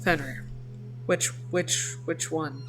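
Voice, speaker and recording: A woman's voice: low voice, steady tone, slow pace, over music. A woman streamer chatting live with her viewers, playful and mock-dramatic, laughing often.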